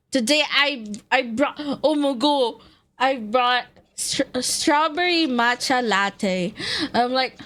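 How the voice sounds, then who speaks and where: A woman's voice: fairly high pitch, a bit bright. A young woman streamer, chatting casually in slang and laughing often. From Philippines. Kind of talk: casual live-stream chat.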